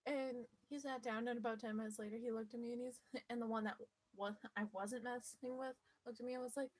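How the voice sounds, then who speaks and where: A woman telling a personal story to her viewers in a lively, playful, mischievous way. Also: a little high, fast talker, rough recording. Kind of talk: casual storytelling.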